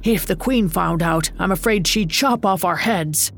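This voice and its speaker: A woman's voice: on the low side, a little slow, gravelly. A woman voicing a nervous, apologetic male playing-card gardener in a storybook reading, explaining himself anxiously.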